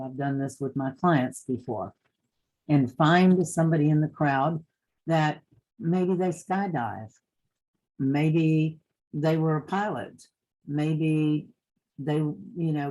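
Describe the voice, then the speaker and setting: Older woman, Eastern Kentucky accent, mellow warm tone, folksy conference talk, practical advice. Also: low-pitched, rough recording. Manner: folksy, down-to-earth, advice-giving. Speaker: realtor speaking at a conference.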